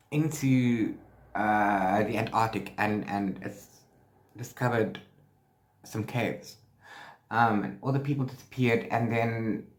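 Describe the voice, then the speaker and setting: Man, book vlogger, casual chat, restarts and corrections, echoey room. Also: mid-range voice. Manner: chatty, restarts and self-corrects often. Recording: roomy echo.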